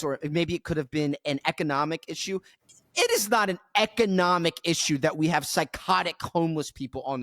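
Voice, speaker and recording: A man's voice: a little high, fairly bright tone, no echo, studio quality. A man hosting a podcast, ranting bluntly and emphatically in casual chat. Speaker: podcast host.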